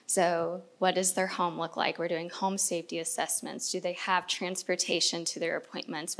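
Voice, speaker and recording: A woman from Indiana speaking on a conference panel, explaining a community health program with frequent fillers. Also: mid-range voice. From Indiana, United States.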